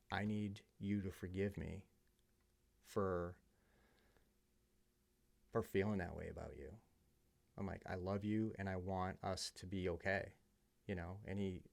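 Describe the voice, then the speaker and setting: Man, podcast guest, lower voice, earnest, heartfelt personal testimony. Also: vocal fry. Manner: earnest, heartfelt storytelling with many fillers.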